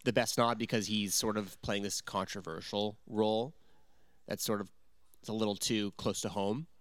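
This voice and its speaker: A man's voice: on the low side, fairly even intonation, normal speed, no room sound. A man in casual podcast chat, giving opinions hesitantly with many restarts.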